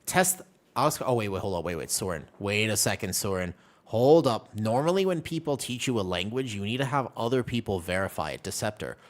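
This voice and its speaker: A man with a low voice chats loosely with his viewers while he streams a game. He tells stories in an animated way, and his pitch swings widely from line to line. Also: brisk. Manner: animated storyteller chatting with viewers.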